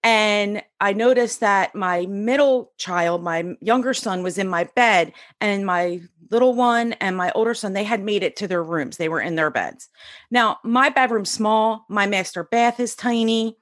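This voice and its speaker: A woman in her forties, a podcast guest, telling a personal story in a lively, animated way and acting out the voices of the people in it. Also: medium pitch, unhurried, no room sound, clean studio sound. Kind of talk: storytelling in an interview.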